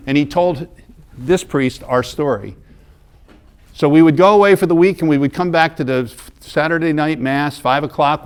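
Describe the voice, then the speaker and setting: A man's voice: medium pitch, clean tone. A middle-aged American man talks to a parish audience in a church. He tells his story in a loose, conversational way, repeating and restarting words as he goes. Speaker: mission group leader giving a parish talk.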